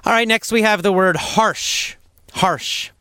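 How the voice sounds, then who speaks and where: A man teaching English vocabulary, explaining words slowly and patiently, repeating phrases and acting out examples. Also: sits high, bright, forceful tone, clean tone, dry recording, studio quality. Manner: acts out coughs and sample phrases.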